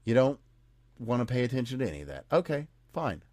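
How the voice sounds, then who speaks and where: An American podcast host chats casually, sounding sarcastic and indignant. His medium-pitched voice has a sing-song lilt and a darkish tone, he talks fast, and the recording has no echo.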